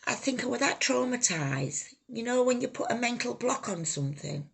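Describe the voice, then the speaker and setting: A woman telling her own life story, halting, raw and emotional, swearing freely. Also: a little high, expressive, vocal fry, slightly rough. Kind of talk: personal life story told to camera.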